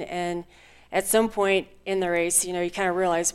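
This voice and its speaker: A woman's voice: lowish voice, little pitch movement, moderate pace, clean tone. A woman recounting an adventure race candidly as a guest, with many fillers. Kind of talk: casual chat.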